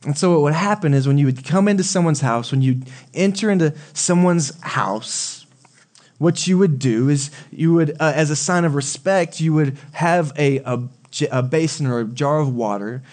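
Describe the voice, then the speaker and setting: A male pastor preaching a sermon in a relaxed, conversational way, often asking the congregation questions. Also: fairly high pitch, normal speed. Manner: conversational, asks the audience questions.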